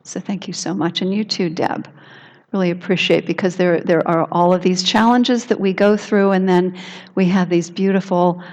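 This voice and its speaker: Gentle woman minister with a low voice. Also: steady tone, normal speed. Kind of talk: sermon.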